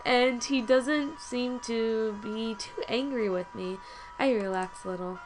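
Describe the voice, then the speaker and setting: A woman's voice: fairly high pitch, moderate pace, music in the background, poor audio. Chatty young woman reading a game aloud. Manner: lively, chatty, stumbles and corrects herself. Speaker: let's play host.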